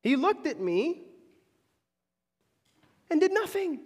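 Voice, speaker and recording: A man's voice: extremely high pitch, very animated, slow, in a large hall. A man preaching a sermon, telling stories and checking in with his listeners with "right?" after many lines. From Florida, US. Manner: storytelling, keeps checking in with "right?". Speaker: pastor.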